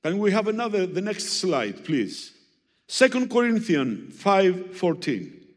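Guy preaching in english, slow and animated, echoey church hall. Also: high-pitched. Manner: animated, teasing, with audience demonstrations. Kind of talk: sermon with Greek word study. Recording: long hall reverb.

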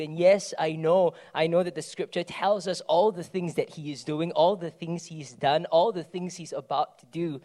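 A pastor delivers a sermon in a high, light voice. He talks to the congregation like a friend, telling stories and tagging his points with "right?". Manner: conversational, animated storytelling with frequent "right?".

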